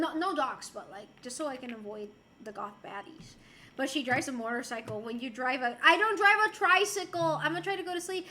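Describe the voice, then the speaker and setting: Her voice is high, bright, and forceful, animated and fairly quick. She's a Puerto Rican streamer reading viewer messages in casual chat, giggling playfully and sprinkling in phrases of Spanish and French.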